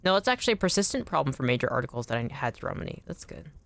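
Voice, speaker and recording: Chatty low-voiced woman streaming a game. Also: very animated, very fast, creaky, fairly bright tone. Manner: chatty, rambling, swears casually. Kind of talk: casual gaming stream chat. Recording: faint background music.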